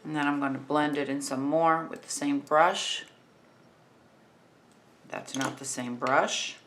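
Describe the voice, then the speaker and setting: A woman's voice: sits low, slow, a little hiss or hum. Chatty woman over fifty teaching makeup. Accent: New Jersey. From New Jersey. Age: 50s. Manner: relaxed, chatty, talks while working. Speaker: makeup tutorial host. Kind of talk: step-by-step makeup tutorial.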